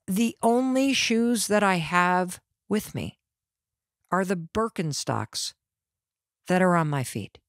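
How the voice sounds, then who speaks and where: A middle-aged woman hosting a podcast, telling a personal story in an animated, dramatic way. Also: lowish voice, slow, no room sound, clean studio sound. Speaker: podcast host.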